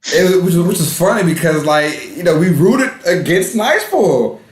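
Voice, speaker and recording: A man chats casually as a podcast co-host, his voice a touch high and swinging widely as he laughs and repeats himself for emphasis. The room around him rings with a noticeable echo. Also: expressive, measured pace. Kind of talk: casual movie review chat.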